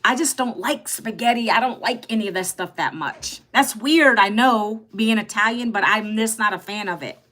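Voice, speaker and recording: Bright-voiced chatty woman in her fifties. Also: medium pitch, moderate pace, few pauses. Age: 50s. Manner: chatty, talks straight to viewers and reads out their comments. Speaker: live-stream host. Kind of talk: casual live-stream chat.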